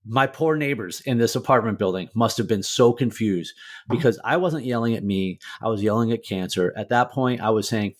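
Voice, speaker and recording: A man's voice: lowish voice, a little fast. A middle-aged man, a motivational speaker, telling his own hard story as an interview guest, candid and emotional, swearing freely and filling with "like". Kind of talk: personal storytelling in a podcast interview.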